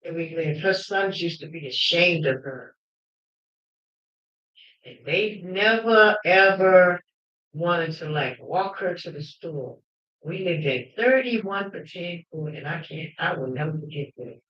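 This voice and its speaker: Woman host, fervent and emphatic storyteller who breaks into shouting; muffled lo-fi sound. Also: fairly low pitch, animated, measured pace. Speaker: livestream host. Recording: roomy, dull lo-fi livestream audio.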